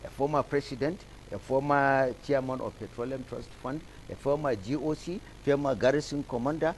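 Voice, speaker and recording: A man's voice: mid-range voice, a little fast, a little hiss or hum, rough recording. A Nigerian man giving impassioned, rhetorical commentary as a guest on a studio talk show, stacking up repeated phrases. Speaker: political analyst guest. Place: television studio.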